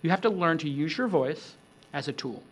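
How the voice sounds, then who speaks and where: Animated man teaching how to demo. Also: normal speed. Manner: animated, shifts tone for emphasis, acts out example pitches. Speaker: host. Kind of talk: instructional talk on startup demos.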